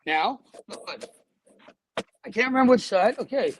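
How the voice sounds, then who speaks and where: High, lively, husky man. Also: a little slow, slight background noise, low-quality recording. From Canada. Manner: animated, blunt, swears freely. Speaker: guest. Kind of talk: emotional personal storytelling. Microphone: earbuds.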